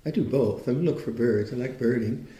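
Meditation teacher guy, calm dharma talk, warm low-key voice, roomy echo. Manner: thoughtful, unhurried, conversational.

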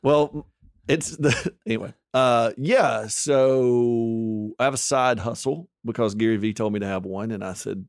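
A man's voice: medium pitch, measured pace, no room sound, clean studio sound. A man co-hosting a podcast in casual banter, wry and teasing, fond of explaining little tips. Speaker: podcast co-host.

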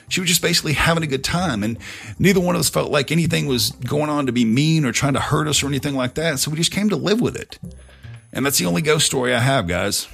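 A middle-aged man tells a story in a gravelly, husky voice, loose and conversational with plenty of swearing. He hosts a podcast, and faint music sits underneath him. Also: mid-range voice, fairly bright tone. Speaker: podcast host. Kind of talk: casual storytelling.

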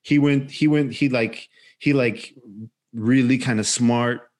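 A man in his forties casually chatting as a podcast co-host, telling an animated story with swearing and acted-out quotes. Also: mid-range voice, slow pace. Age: 40s. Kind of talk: casual chat.

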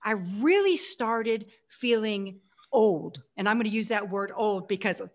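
A woman in her sixties telling her life story as an interview guest, animated and acting out her past self. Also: mid-range voice, a little slow. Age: 60s.

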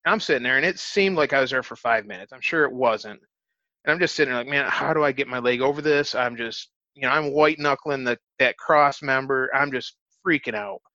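A man's voice: mid-range voice, fairly quick, pushed and bright, no room sound. A man, an interview guest, telling a story in casual, earnest talk, often restarting his phrases. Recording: dull, dry lo-fi recording.

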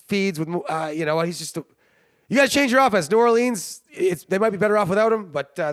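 High-voiced joking male sports host. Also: dry recording, clean studio sound. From Canada. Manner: joking, rambling, laughs often. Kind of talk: casual sports commentary.

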